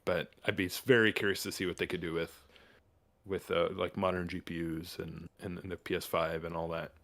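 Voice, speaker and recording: A man's voice: sits low, flat delivery, fairly quick, fairly bright tone. A man from New Mexico hosting a podcast, talking in enthusiastic, rambling casual chat with many fillers and restarts. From New Mexico, USA. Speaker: podcast host.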